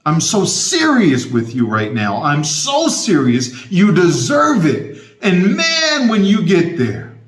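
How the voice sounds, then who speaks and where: A man's voice: sits high, huge pitch swings, takes it slowly. Impassioned man preaching in an echoey room. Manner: impassioned, repetitive and emphatic, emotional to the point of tearing up. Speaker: motivational speaker. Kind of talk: motivational talk to camera.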